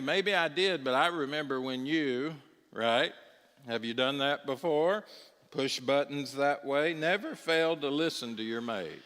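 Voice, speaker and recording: A man's voice: medium pitch, fairly bright tone. A middle-aged man teaching a church Bible class in a conversational way, often asking his listeners if they agree. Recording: long church-hall reverb.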